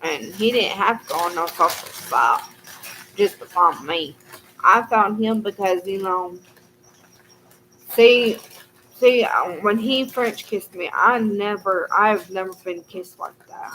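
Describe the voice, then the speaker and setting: Woman, casual storyteller with a bright, crisp tone, folksy and rambling, faint crickets outdoors behind her. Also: on the low side, a little hiss or hum, rough recording. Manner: rambling and folksy, full of "you know".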